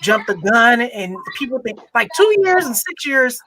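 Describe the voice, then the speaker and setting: A woman's voice: a little high, big pitch swings, moderate pace, fairly bright tone. A woman co-hosting a podcast in casual chat, with chatty, joking asides. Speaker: podcast co-host.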